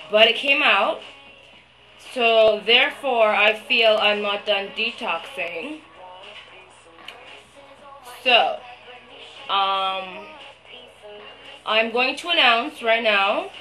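A young woman talking to the camera in a video diary, venting her frustration, swearing a lot and pausing often with fillers. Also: mid-range voice, sharp tone, rough recording. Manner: hesitant, many fillers. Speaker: vlogger.

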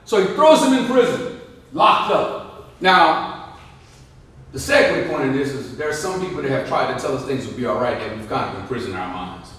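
A veteran man giving a lively motivational speech, joking and asking the crowd questions. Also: mid-range voice, normal speed. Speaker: guest speaker, veteran. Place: large indoor hall. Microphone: distant microphone. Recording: echoey hall, distant mic.

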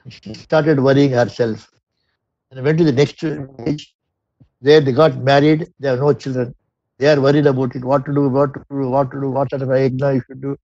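A man's voice: fairly high pitch, a little mellow, dry recording. A man with an Indian English accent gives a spiritual discourse, reciting Sanskrit verses and explaining them in English, often restarting his sentences. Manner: frequent restarts and repetitions. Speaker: satsang speaker. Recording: dull lo-fi dry recording.

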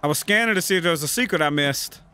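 Loud animated man cursing at enemies. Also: a little high, racing, clean tone. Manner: loud, profane trash talk at enemies. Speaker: gaming YouTuber. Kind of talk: casual gameplay commentary.

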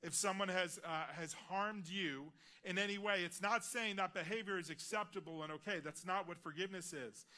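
Bright-voiced man preaching a sermon. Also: high voice. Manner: earnest, personal testimony, drops quiet on key lines. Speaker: guest preacher. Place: large church auditorium.

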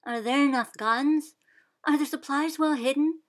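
Woman, read-aloud host, children's book, clear and explanatory, slightly high voice. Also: a little slow. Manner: clear, explanatory, asks listeners questions.

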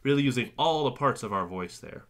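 A man teaching a virtual music lesson to young children, cheerfully guiding them through warm-ups and counting along. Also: medium pitch, expressive, a little fast.

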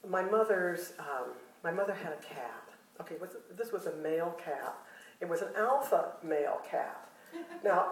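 An older woman with a medium-pitched, somewhat dark voice tells funny personal stories as a retreat speaker in a meeting room. She's self-deprecating and humorous and laughs often, and the recording sounds roomy, like a hall with the mic far away.

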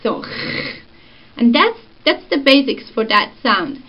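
A woman's voice: a little high, big pitch swings, slow, dull audio. A young woman, casually explaining pronunciation in a vlog lesson. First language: Swiss German. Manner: easygoing, explains with examples. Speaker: vlogger.

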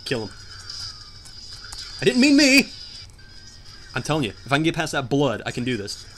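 A young man giving jokey, animated commentary while playing a hard video game, often shouting in frustration. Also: mid-range voice, very fast, soft background music. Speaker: gameplay commentator. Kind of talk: let's play commentary.

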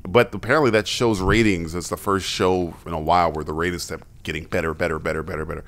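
A man co-hosting a podcast, talking loudly and quickly with lots of laughter and casual swearing. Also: sits low, fairly even intonation. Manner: loud, quick, laughing banter. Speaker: podcast co-host. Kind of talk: casual chat.

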